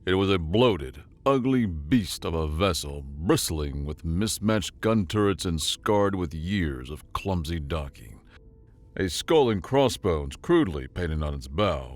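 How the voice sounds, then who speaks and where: A man narrates a science-fiction tale in a scripted, dramatic storyteller's delivery. His voice is low and deep. It rises and falls widely with the action.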